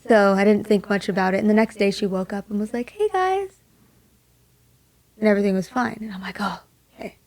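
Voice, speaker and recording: A young woman from Maui, a singer-songwriter, telling a personal story in an interview, soft-spoken and dropping to a hush for quoted thoughts. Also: mid-range voice, flat delivery, very fast, few pauses, dry recording. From Maui, Hawaii.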